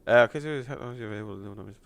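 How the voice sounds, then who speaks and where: A man chatting on a live game stream, thanking donors with lots of fillers, a little hoarse from losing his voice. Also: lowish voice, rapid-fire.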